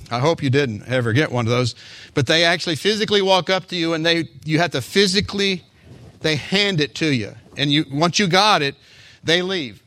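A man's voice: fairly high pitch, bright, forceful tone, no echo. A male pastor preaching a sermon in a conversational way, with speech and rhetorical asides to the congregation.

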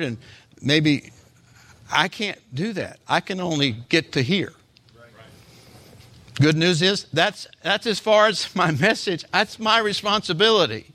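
Bright-voiced male preacher. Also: high-pitched, lively intonation, unhurried, pauses often. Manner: conversational preaching with rhetorical asides. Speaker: pastor. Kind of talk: sermon.

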